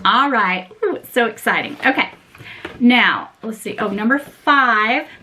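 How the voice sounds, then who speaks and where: A woman's voice: on the high side, expressive, a little slow, noisy background. A woman vlogger unboxing gifts in a casual chat, gushing and sentimental, often breaking into laughter. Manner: sentimental and emotional.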